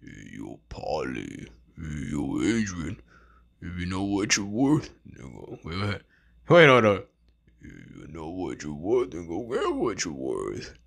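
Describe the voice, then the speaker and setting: A man doing an impression of a mumbling, tough male movie boxer with a very deep, slurred voice. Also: huge pitch swings, slow pace, vocal fry, fairly bright tone, exaggerated voice. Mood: gruff. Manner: mumbling, low and muttered.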